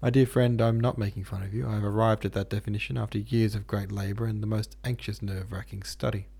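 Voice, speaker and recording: A male reader gives a dry American man who mocks with a straight face. His teasing is calm and grave. The voice sits low and slightly husky. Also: fast talker.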